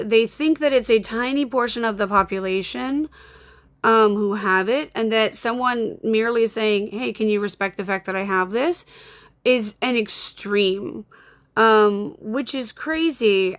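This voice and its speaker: Irritated young woman ranting while blocking people. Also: medium pitch. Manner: agitated, swearing, mutters while blocking users. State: upset and irritated. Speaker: content creator. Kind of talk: angry screen-recording rant. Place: home with dogs, construction noise outside.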